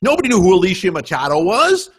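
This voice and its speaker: A man on a talk radio show, ranting hard and swearing freely. His voice sits high and swings widely up and down, with a bright, tense edge. He stumbles over words and doubles back as the anger builds. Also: huge pitch swings, quick pace, husky. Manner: profane, indignant, emphatic; restarts and repeats when worked up. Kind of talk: heated political rant.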